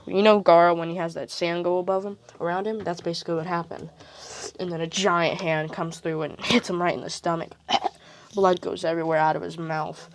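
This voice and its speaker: Woman, casual fan story retelling, rambling, fillers, lowish voice, faint hiss.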